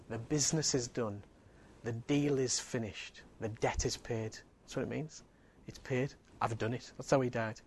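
A man's voice: medium pitch, a little hiss or hum. A man giving a sermon, earnest and emphatic, driving points home with repeated phrases. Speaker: preacher.

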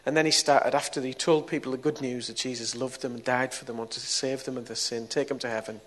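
A middle-aged man preaches to a gathering. He tells a personal story, and his voice moves between quiet, confiding passages and sudden loud bursts. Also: mid-range voice, fairly even intonation, fast talker. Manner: storytelling, swings from soft to loud. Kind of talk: testimony sermon.

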